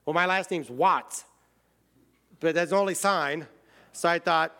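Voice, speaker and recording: Here the same kind of casual, filler-heavy travel tale comes from an American man whose voice is a little high, unhurried, and creaky. His delivery shifts from excited bursts to hushed, quiet stretches.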